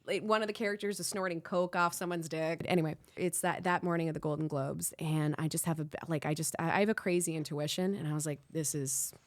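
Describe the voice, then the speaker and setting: A woman hosting a podcast, telling a candid personal story in an animated way, swearing freely and acting out what people said. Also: sits low, fast talker, hardly any pauses. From Miami, Florida. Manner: animated, swears freely, acts out quotes with a rising voice. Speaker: podcast host.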